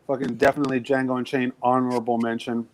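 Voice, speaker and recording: A man's voice: mid-range voice, little pitch movement, fast. A man co-hosting a podcast in casual chat, talking animatedly with lots of swearing and acting out movie lines. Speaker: podcast co-host.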